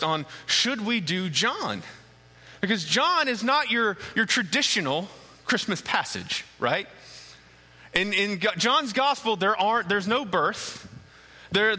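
A man's voice: sits high, big-room sound, low-quality recording. A man preaching a sermon to his church in a conversational way, asking rhetorical questions and restarting words as he goes. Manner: stammering restarts, animated emphasis. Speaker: pastor.

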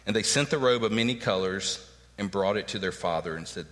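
A man's voice: on the low side, brisk, fairly bright tone, long reverb tail. A man preaching a sermon, emphatic and earnest, acting out the words of the people in his text. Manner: emphatic preaching, acts out quoted lines. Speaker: pastor.

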